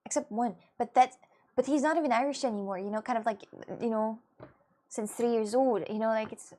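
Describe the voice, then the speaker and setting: A woman's voice: on the high side, steady tone, brisk, mellow. Chatty young woman streamer. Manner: chatty, rambling with many fillers and repeats. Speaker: streamer reading chat. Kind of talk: casual live-stream chat.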